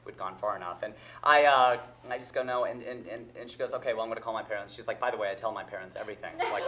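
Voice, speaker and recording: A man in his thirties telling a long story as a stand-up comedian, getting loud at the punchlines. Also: on the low side, fast talker, few pauses. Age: 30s. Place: comedy club stage with a laughing audience. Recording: roomy live club with crowd laughter.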